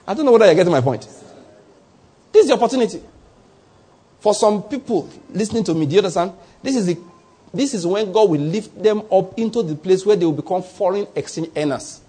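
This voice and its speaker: A man's voice: high voice, darkish tone, breathy edge. A man preaching a sermon, posing rhetorical questions to his congregation. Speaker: pastor.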